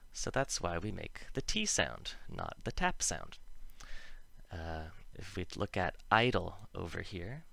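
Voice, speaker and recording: Patient male pronunciation teacher, low and slow, stresses each example word, dry close sound. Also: gravelly, a bit bright, dry recording. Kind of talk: explanatory lesson with slow example words.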